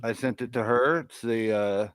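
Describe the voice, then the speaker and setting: A man hosting a casual livestream chat show in a relaxed way, swearing now and then. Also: mid-range voice, moderate pace, crowd noise. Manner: laid-back, swears casually.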